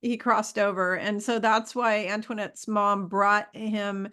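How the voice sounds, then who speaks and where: A woman hosting a spiritual chat, emotional and quick to jump in. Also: mid-range voice, flat delivery, sharp tone, clean tone. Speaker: host. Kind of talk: casual chat.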